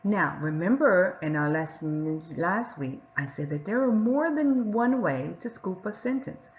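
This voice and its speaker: A woman teacher giving a patient reading lesson to young children, sounding out words and reading sentences slowly and clearly. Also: medium pitch, animated, dull audio, a little hiss or hum.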